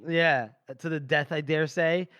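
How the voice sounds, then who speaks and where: A man's voice: on the high side, steady tone, measured pace, bright, forceful tone, clear, resonant tone, no echo, lo-fi sound. A man co-hosting a podcast, casually retelling a book chapter and briefly quoting the characters, with the odd swear word. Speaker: podcast co-host. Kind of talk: casual book-club recap.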